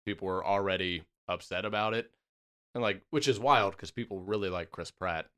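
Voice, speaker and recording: A young man with a very low, smooth, resonant voice talks casually on a podcast. He is opinionated and laughs easily, with a loose, friendly delivery. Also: a little fast, fairly bright tone. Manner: chatty, laughs often, opinionated. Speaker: podcast co-host. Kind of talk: casual chat.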